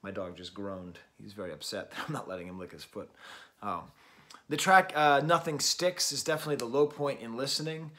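A man talks through an album review at home while exercising. His voice sits at a plain middle pitch, and he hesitates often with ums and soft chuckles as he goes. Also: brisk. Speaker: host and record reviewer. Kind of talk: casual album review monologue.

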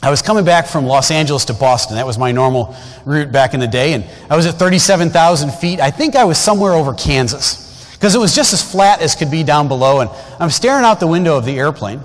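A guest preacher in his fifties delivers a storytelling sermon in a fairly high, expressive voice at a fast clip. His folksy, conversational style includes frequent asides to the congregation, and the large church sanctuary adds long hall reverb.

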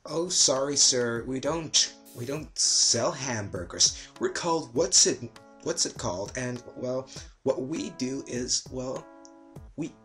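A man's voice: mid-range voice, slow pace, fairly bright tone, faint music behind. A young man hosting a comedy sketch vlog, chatty and rambling, often breaking off mid-sentence. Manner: chatty, rambling, self-interrupting. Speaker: vlogger.

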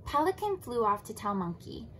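A woman teacher reading a picture book aloud to children and explaining it in a lively way. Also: on the high side, normal speed, slight background noise, low-quality recording. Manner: animated, explaining to kids.

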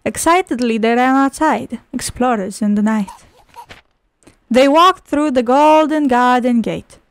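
A young woman with a high voice gives laid-back, sweary, sarcastic commentary while playing a game, often breaking into exclamations. She talks at an unhurried pace into a close mic, and the sound is dry and direct. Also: no room sound. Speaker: gaming video host. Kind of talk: casual let's-play commentary.

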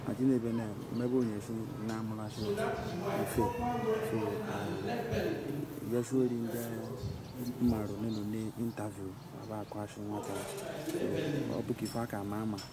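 A man speaks softly and quickly with a low voice, his words trailing off. The sound is roomy and echoing. Loud background noise covers much of his speech. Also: animated.

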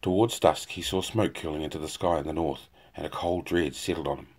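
A man reading a fantasy novel aloud in a steady, unhurried voice. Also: rumbling low. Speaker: audiobook narrator.

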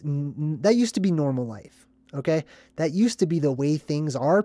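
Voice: mid-range voice, warm tone, no room sound. A host who breaks down a film in a casual, rambling way, acting out scenes with put-on voices and ending many sentences with a questioning "right?". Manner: conspiratorial, keeps asking "right?". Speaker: movie commentary host. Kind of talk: casual movie breakdown commentary.

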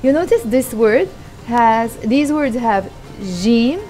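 A woman with a fairly high, mellow voice teaches a casual vlog lesson at her kitchen sink. She patiently repeats each word slowly and explains it. Faint music plays behind her. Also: lively intonation. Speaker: language teacher.

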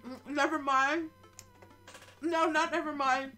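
A woman's voice: on the high side, normal speed. A sick, stuffed-up young woman streaming a game live, joking and swearing as she talks. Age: young adult. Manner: animated, joking, swears a lot. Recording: faint game music behind.

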